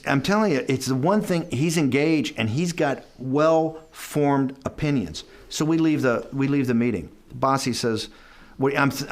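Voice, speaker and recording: In a documentary interview, a middle-aged man with a mid-range voice tells a long anecdote, acting out snippets of dialogue and frequently restarting his sentences.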